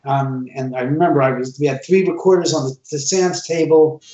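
A man with a somewhat high voice tells stories in a casual podcast chat. He acts out every line of dialogue. The recording is roomy and a little dull. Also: brisk. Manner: animated, acts out quoted dialogue. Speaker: guest, owner of a reputedly haunted house.

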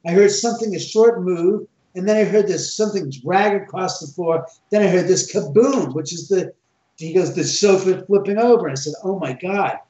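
A man telling an animated first-person ghost story in casual talk, acting out the dialogue as he goes. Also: high-pitched, moderate pace. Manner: animated, acts out quoted dialogue. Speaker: homeowner telling ghost stories. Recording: roomy, distant, dull sound.

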